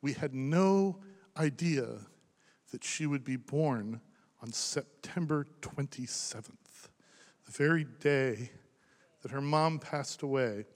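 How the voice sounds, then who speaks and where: A man in his thirties preaching a sermon as pastor, impassioned, rising to loud emphasis and dropping to hushed near-whispers. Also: medium pitch, slow. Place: church sanctuary. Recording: long reverb of a large hall.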